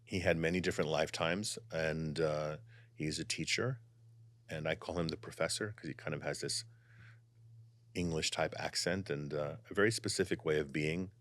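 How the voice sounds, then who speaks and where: A man with a low, deep voice speaks as a channeler guest in a conversation. He is animated and expressive, then shifts into slow, calm meditation guidance. The sound is close and dry, with no room echo. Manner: animated and expressive, softening into calm guided instruction. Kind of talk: casual conversation and guided meditation.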